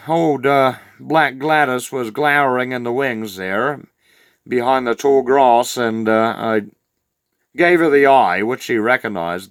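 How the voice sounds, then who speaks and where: A man with a clear, resonant, mid-range voice performs a comic monologue as a crude, rambling old New Zealand farmer with a Southland accent. His meandering drawl is littered with "uh" fillers, recorded studio-clean with no echo.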